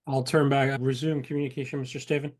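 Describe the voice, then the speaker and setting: A man's voice: medium pitch, flat delivery, quick pace, darkish tone. Polite, firm male tabletop player. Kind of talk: in-character play in a tabletop game.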